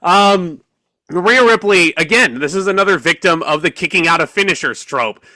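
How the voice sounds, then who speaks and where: A man's voice: high-pitched, expressive, moderate pace, pushed and bright, dry recording, poor audio. A young man co-hosting a podcast, chatting casually and with a bit of profanity in fan slang. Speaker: podcast co-host. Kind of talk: casual chat.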